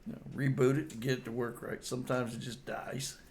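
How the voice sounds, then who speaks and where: A man's voice: mid-range voice, flat delivery, a little fast, a little mellow, slight background noise. An older man casually telling stories about his old workplace pranks and laughing often as he goes. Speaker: storyteller host. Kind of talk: casual storytelling.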